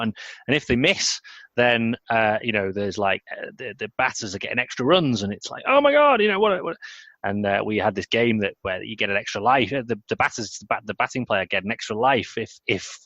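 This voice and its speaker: A man's voice: fairly low pitch, a bit bright, no room sound. A man hosting an interview podcast, rambling a little as he searches for words. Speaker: podcast host. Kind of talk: conversational interview. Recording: slightly dull, dry audio.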